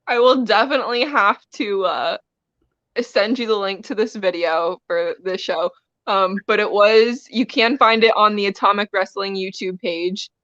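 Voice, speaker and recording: A woman's voice: mid-range voice, normal speed, a bit bright, no echo, highs cut off. A woman wrestler guest telling a story in a casual interview, laughing often as she talks. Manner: giggly, laughs often while telling stories.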